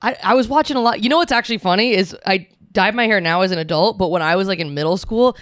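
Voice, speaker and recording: A young woman telling stories in casual chat, rambling with lots of fillers and slipping into quick put-on voices. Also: mid-range voice, dry recording, clean studio sound.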